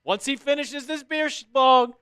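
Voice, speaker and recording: A man co-hosting a fan live stream, chiming in with quick casual remarks and echoing the host. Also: very high voice, sharp tone, soft background music. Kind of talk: casual banter.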